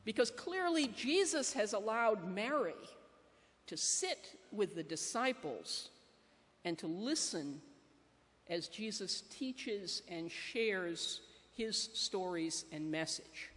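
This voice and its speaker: A woman pastor preaching a sermon in a measured, conversational way, with fillers and pauses. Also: medium pitch, lively intonation. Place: church sanctuary. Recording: church hall reverb.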